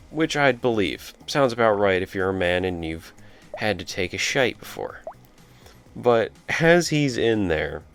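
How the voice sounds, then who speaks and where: His voice is on the low side with a fairly bright tone. This let's play commentator casually tells a wandering story as he plays, cutting away to react to the game.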